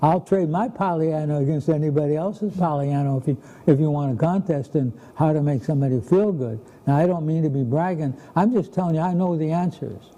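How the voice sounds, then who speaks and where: A man in his eighties co-hosting a talk show, talking in an earnest, folksy way and pausing as he searches for words. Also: fairly high pitch, dark tone, low-quality recording. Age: 80s. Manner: earnest and folksy, with pauses and hesitations. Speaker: TV show co-host.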